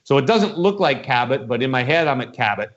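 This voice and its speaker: This male podcast host speaks in a mid-range voice with lively intonation and a fairly quick pace. He rambles casually through a dream he had, acting out the voices as he goes, over dull lo-fi audio.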